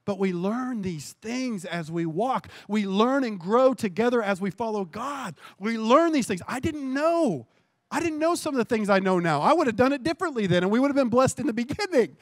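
Male pastor, high pitch, dry close sound; lively sermon testimony, repeats phrases for emphasis. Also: normal speed, dry recording.

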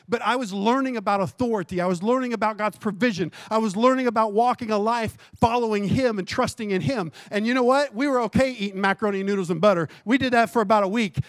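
High-voiced pastor preaching with passion. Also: male voice, dry recording. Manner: animated storytelling, repeats phrases for emphasis. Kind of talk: sermon with personal testimony.

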